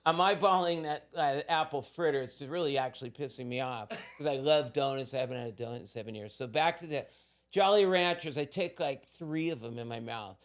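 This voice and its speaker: A man's voice: medium pitch, a little fast. A man in his sixties from Southern California, a podcast guest telling candid, laid-back stories and acting out the voices in them. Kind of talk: casual storytelling.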